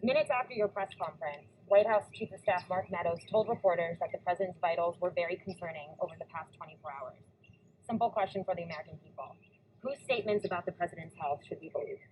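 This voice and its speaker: A woman's voice: fairly low pitch, darkish tone. A woman reporter putting a pointed question at a press briefing. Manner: pointed, brisk. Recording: tinny phone-like audio, faint noise.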